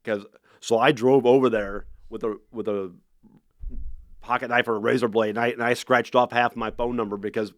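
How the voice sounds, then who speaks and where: A man guest on a podcast, telling a story in a loose, animated way and stumbling over repeated words. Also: medium pitch, moderate pace, dry recording, clean studio sound. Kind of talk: casual storytelling.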